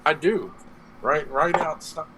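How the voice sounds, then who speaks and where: A man's voice: a little high, slow. A man joking dryly and needling a friend on a live stream. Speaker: guest on a live-stream talk show. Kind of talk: casual teasing banter. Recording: noisy live-stream audio.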